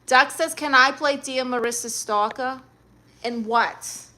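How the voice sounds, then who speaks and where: A woman's voice: sits high, measured pace, bright, forceful tone. A young adult woman hosting a livestream, reading chat messages aloud and answering with sassy, teasing comebacks.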